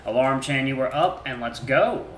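A man's voice: mid-range voice, moderate pace, roomy sound, a little hiss or hum. A man hosting a Let's Play, greeting viewers in a friendly, upbeat way and narrating a story game.

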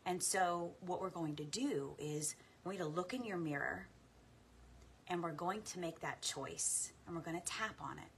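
A woman coach guiding listeners through a slow, soft meditation and spoken affirmations. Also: fairly low pitch, slight background noise. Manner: laughs into her words when playful. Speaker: spiritual coach. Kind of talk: guided meditation and affirmation practice. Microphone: talking to camera.

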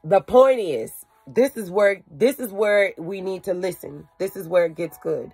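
A woman retelling a Bible story in a chatty, animated way, with slang and asides. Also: medium pitch, a little slow, husky, no echo, faint music behind. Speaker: Bible teacher.

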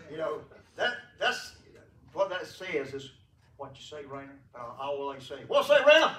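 A man's voice: mid-range voice, takes it slowly, sharp tone, slight background noise. A man giving a folksy funeral eulogy in a church, telling rambling stories and chuckling often, with many fillers. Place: church sanctuary. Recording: echoey room from a distant mic.

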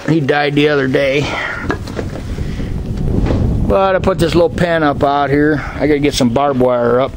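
An older man, chatting casually and roughly as he films his farm with a handheld camera. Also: on the high side, steady tone, moderate pace, long pauses, over music. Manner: folksy, rough-spoken, calls out to animals. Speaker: homesteader filming his farm. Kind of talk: casual chat. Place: outdoors and in a barn and chicken house.

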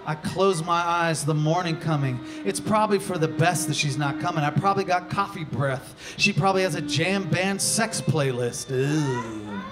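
A man performing spoken word poetry on a poetry venue stage, with a dramatic delivery that swings from hushed to loud. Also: on the high side, normal speed, few pauses, over music. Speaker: performance poet.

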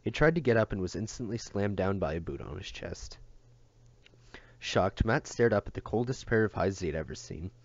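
A man reading a novel aloud as an audiobook, steady and careful, with occasional self-corrections. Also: low-pitched, moderate pace, no echo, dull audio. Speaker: audiobook reader.

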